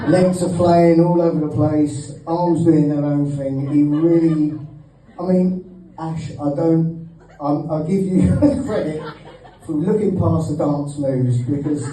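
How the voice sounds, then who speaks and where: A man's voice: fairly high pitch, mellow, a little hiss or hum. A man giving a joking best man speech at a wedding, teasing the groom and laughing between lines. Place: wedding reception hall. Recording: echoey hall, mic at a distance.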